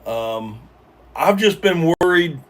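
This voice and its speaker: A man's voice: a little high, lively intonation, slow, recorded from a distance. Rambling man hosting a livestream. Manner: rambling, hesitant, full of ums and repeated starts. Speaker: livestream host reading chat. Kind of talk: casual live-stream chat.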